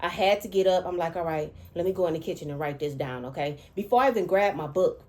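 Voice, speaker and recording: A woman vlogging as a dream interpreter, telling a personal spiritual testimony in an excitable way, stretching out words for emphasis and swinging between hushed and loud. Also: fairly low pitch, quick pace. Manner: excitable, repetitive, breaks off and restarts, keeps saying 'all right' and 'okay'. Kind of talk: emotional personal testimony to camera.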